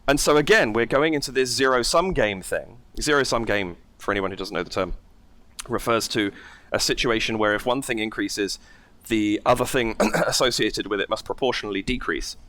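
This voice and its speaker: Speaking at normal speed, this man has a medium-pitched, fairly bright voice. He hosts a reaction channel, excitedly exclaiming and picking apart singing technique in a relaxed, enthusiastic way.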